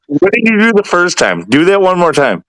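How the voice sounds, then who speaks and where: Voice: medium pitch, huge pitch swings, fairly quick, a crowd in the background, low-quality recording. A speaker in casual voice-chat banter who talks emphatically and swears freely.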